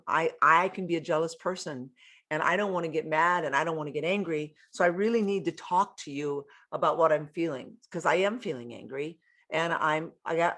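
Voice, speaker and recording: A woman's voice: low voice, a bit bright. A woman hosting a self-help podcast, giving earnest, frank advice and swearing casually. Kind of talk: motivational self-help talk.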